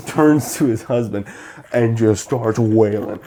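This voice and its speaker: Low mellow-voiced young man recapping a film. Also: animated, measured pace, slight background noise. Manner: rambling plot recap full of fillers, acting out characters' lines. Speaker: co-host of a movie review show. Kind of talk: casual chat retelling a film.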